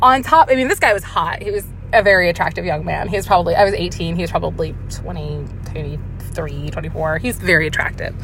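A woman's voice: on the low side, fast, creaky, fairly bright tone, slight background noise. A young woman telling a story in a casual vlog while driving, laughing, swearing and mocking herself. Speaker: vlogger. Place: inside a car.

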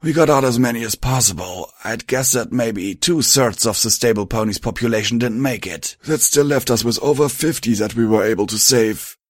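A man voicing a calm, kindly male pony doctor. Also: medium pitch, normal speed, few pauses, no room sound, clean studio sound, natural voice. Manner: calm, reassuring.

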